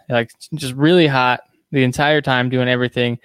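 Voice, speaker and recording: A man's voice: medium pitch, steady tone, normal speed, a bit bright, clean tone, no room sound, studio quality. A man telling laid-back stories in casual chat. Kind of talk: casual banter.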